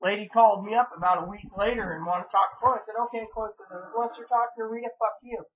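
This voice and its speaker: A man's voice: sits high, fairly even intonation, fast talker. A man talking to camera in a casual venting monologue, rambling and profane, with many repeated fillers. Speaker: vlogger. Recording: tinny phone-like audio.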